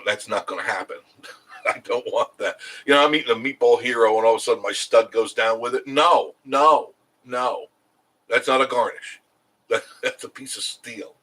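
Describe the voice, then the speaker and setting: A man's voice: mid-range voice, moderate pace, fairly bright tone, poor audio. A middle-aged man hosting a casual live stream, rambling and chuckling as he answers viewer comments.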